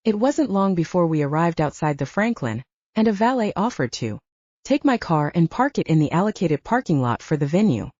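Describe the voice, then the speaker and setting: Woman audiobook narrator, low and mellow, animated delivery, dry dull sound. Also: brisk, no echo. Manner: expressive storytelling. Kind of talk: scripted narration.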